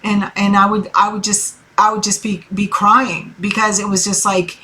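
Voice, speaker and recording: A woman's voice: mid-range voice, little pitch movement, moderate pace, few pauses, bright, forceful tone. A woman in her thirties giving a casual tarot reading, loose and encouraging, with lots of swearing and fillers. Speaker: tarot reader.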